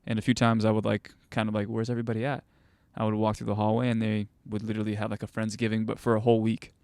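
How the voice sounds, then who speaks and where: Low flat-voiced man chatting casually. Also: rapid-fire, smooth, no echo. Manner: rambling, many fillers and restarts. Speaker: goalkeeper coach and podcast host. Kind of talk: casual conversational storytelling.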